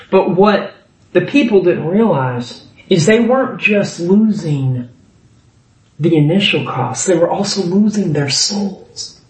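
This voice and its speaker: Slow-preaching man in an echoey hall. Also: recorded from a distance. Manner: preaching, rising high and loud when voicing scripture. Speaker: pastor. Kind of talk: sermon. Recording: echoey room.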